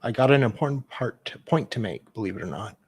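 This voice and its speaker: A man's voice: on the low side, animated, quick pace, slightly rough. A man co-hosting a casual stream, easygoing and a bit distracted as he looks things up. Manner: easygoing, distracted while searching on screen. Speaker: stream co-host. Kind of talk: casual chat.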